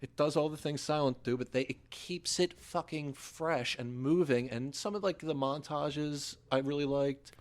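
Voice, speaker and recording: A man's voice: on the high side, moderate pace, few pauses. A man co-hosting a podcast in casual film chat, blunt and opinionated, swearing casually as he talks. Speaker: podcast co-host.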